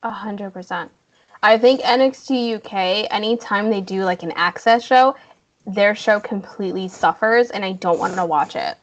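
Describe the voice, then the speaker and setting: A woman's voice: mid-range voice, moderate pace. A woman co-hosting a podcast, chatting casually and telling a work story with lots of fillers. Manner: chatty, laughs often, many "like" fillers. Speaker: podcast co-host. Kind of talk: casual chat.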